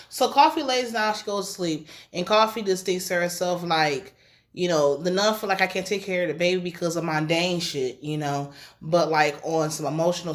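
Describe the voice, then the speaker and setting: Chatty woman recapping a TV episode. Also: fairly low pitch. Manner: chatty and animated, gets emotional retelling scenes; casual slangy speech with swearing. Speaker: TV recap reviewer.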